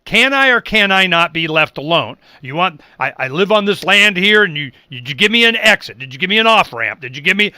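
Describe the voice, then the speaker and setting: A man's voice: sits high, sing-song, brisk, few pauses, sharp tone, dry recording. A middle-aged man hosting a political talk show, speaking emphatically and acting out the people he quotes. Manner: emphatic, acts out quoted people, repeats words when worked up.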